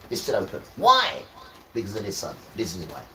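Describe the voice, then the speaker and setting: Impassioned preacher in an echoey room. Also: male voice, on the low side, wildly swooping pitch, a little fast, a little hiss or hum. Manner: repetitive, keeps asking "right?", swells loud when reading scripture. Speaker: livestream preacher. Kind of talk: impassioned religious livestream preaching. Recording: roomy echo, distant from the mic, faint background ambience.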